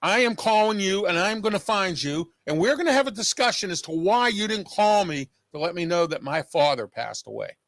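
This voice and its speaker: A man's voice: high-pitched, expressive, a little fast, hardly any pauses, fairly bright tone, dry recording. A man hosting his own show, talking straight to viewers in an agitated, emphatic way and repeating his points. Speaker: show host. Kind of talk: personal monologue to viewers.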